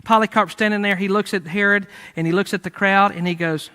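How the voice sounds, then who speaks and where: Male preacher, high-pitched, casual storyteller giving a sermon. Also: fast, hardly any pauses. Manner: lively storytelling, conversational, with fillers. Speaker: pastor.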